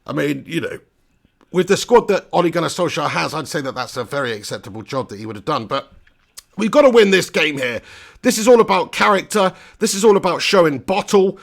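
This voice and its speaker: A man hosting a live football watch-along, chatting with viewers and breaking into excited play-by-play. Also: on the high side, fairly quick, creaky. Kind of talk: live commentary and chat reading.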